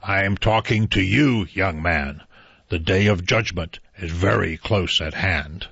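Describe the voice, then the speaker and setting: A man's voice: medium pitch, animated, unhurried, gravelly, sharp tone, husky, dry recording, heavily acted. A man voicing an old drunken male train passenger who mumbles plaintive, solemn warnings, in a dull, dry recording.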